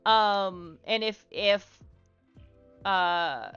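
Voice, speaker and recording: A woman's voice: medium pitch, extremely slow, fairly bright tone, clear, resonant tone. A woman hosting a livestream, talking loosely and frankly with lots of "like" and "um", and swearing casually. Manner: loose, rambling, full of "like" and "um". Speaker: livestream host giving social advice. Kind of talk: casual advice talk on a livestream. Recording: slightly muffled stream audio with faint music.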